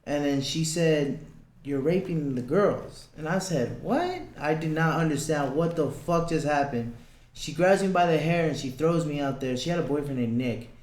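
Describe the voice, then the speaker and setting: A man's voice: on the high side, moderate pace, a little mellow. Young guy on a podcast, casual storytelling, cusses a lot, roomy echo. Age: young adult. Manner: blunt, swears often, acts out quoted lines. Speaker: podcast guest.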